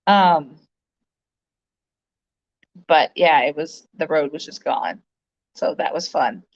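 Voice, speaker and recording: A woman with a deep voice speaks slowly while hosting a livestream, rambling casually with viewers and filling her talk with fillers and laughter. It's recorded on a phone, so the audio is dull and lo-fi.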